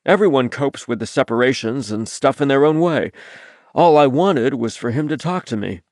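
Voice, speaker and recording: A reserved male navy submariner, voiced by an audiobook narrator, talks plainly and without fuss. His pitch moves freely, and the sound is dry and close. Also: lively intonation, moderate pace, a little mellow, no echo, lightly acted. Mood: explaining.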